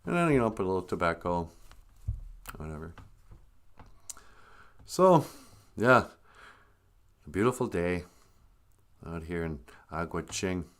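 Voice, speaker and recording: Male livestream host, rambling, self-deprecating, animated intonation, casual chat. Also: deep voice, unhurried, pauses often.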